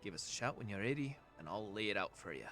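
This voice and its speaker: A man doing a gruff, brash tavern boss with rough slang. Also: on the low side, animated, fast talker, fairly bright tone, soft background music. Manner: rough working-class slang.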